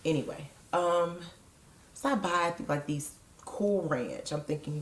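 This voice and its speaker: A woman's voice: low-pitched, measured pace, echoey room. A woman vlogging in a casual, chatty way, frank and digressive, with joking asides. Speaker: vlogger sharing weight-loss surgery experience.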